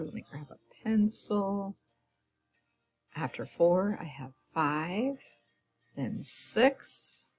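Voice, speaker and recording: Woman teacher, low voice, husky edge; calm, step-by-step instructions for young students. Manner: patient, step-by-step, counts aloud. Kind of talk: recorded classroom instructions.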